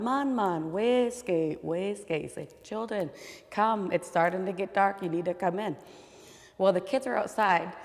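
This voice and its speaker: A woman telling a traditional legend in a relaxed, conversational way. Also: fairly low pitch, big-room sound. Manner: relaxed, conversational, with fillers and restarts. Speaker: storyteller.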